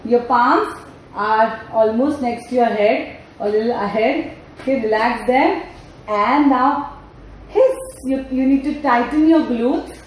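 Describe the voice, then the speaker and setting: Lady teaching a baby yoga class, slow sing-song, bit high, echoey room off mic. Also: far from the mic, slight background noise. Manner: playful, sing-song, coaxing. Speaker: mother-and-baby yoga trainer.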